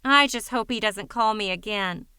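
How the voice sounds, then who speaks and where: A woman voicing a lively, playful young woman friend in an audiobook reading. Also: medium pitch, normal speed, clean tone, no echo, natural voice.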